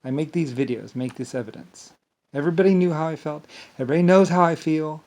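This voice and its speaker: A man's voice: on the high side, quick pace, a little mellow. Man ranting and rambling. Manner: angry, rambling, repeats "blah, blah" and swears; stumbles and restarts words. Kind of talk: monologue rant to camera.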